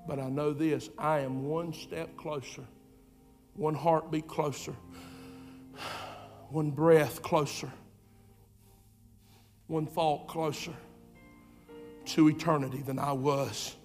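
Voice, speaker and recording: Male pastor, high voice, fervent repetitive sermon delivery over soft music. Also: fairly even intonation, slow, long pauses. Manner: impassioned, repetitive, swinging from loud urging to quiet asides. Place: church sanctuary.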